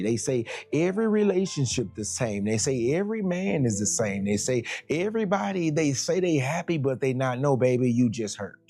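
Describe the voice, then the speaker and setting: A male preacher with a gravelly, creaky voice at a middle pitch. His delivery is lively and animated, swinging up and down as he acts out his stories. He preaches in a loose, colloquial way, with soft music playing faintly behind him. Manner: animated, dramatic storyteller acting out scenes. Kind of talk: sermon storytelling.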